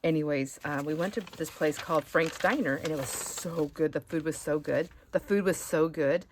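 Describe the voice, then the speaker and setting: Lower-voiced woman chatting over craft finds. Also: moderate pace, slight background noise. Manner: rambling, easily sidetracked, chatty. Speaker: craft channel host. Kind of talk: casual show-and-share chat.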